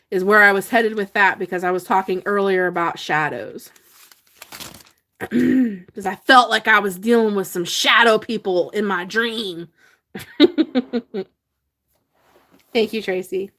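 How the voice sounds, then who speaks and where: A woman's voice: medium pitch, a little slow, pauses often, fairly bright tone. A woman hosting a casual livestream, chatting with viewers, reading their comments aloud and laughing often. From Pennsylvania. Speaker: livestream host.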